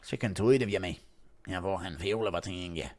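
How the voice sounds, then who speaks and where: A man voicing a brash, cocky Irish fighter with a put-on Irish accent, swaggering and swearing as he shouts. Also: low voice, brisk, pitched below the performer's own voice, close to an everyday voice. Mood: angry.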